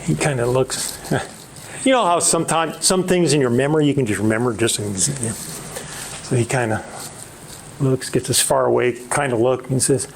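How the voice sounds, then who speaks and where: A middle-aged man, an author, telling a personal story at a book talk in a halting way, with many restarts and fillers. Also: mid-range voice, animated, creaky, slight background noise.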